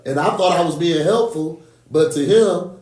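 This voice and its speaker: A man in a podcast panel chat, talking casually with lots of slang and quick asides. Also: a little high, a little mellow. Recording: echoey room, far from mic.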